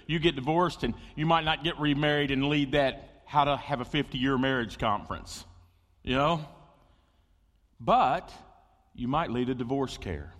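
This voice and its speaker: A man's voice: medium pitch, a little slow. Male pastor, conversational sermon, long hall reverb. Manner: animated, conversational, with asides and jokes to the congregation.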